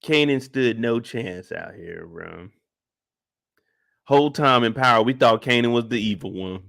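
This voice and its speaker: A man's voice: medium pitch, a little slow, vocal fry, a bit bright. A man hosting a live after-show, recapping an episode in casual, slangy, emphatic talk. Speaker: show host.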